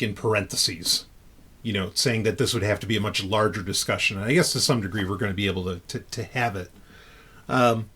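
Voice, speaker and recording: A man's voice: mid-range voice, a bit bright, slightly rough. A man hosting a podcast in loose, casual chat, talking freely with frequent restarts and casual swearing. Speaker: podcast host.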